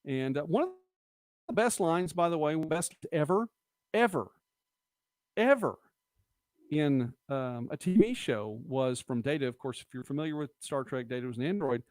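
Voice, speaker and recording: A man's voice: a little high, lively intonation, normal speed, darkish tone, no room sound. A middle-aged man hosting a casual live-stream, chatting and rambling as he reads viewer comments aloud. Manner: chatty, rambling, quotes movie lines. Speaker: host of a local live-stream show.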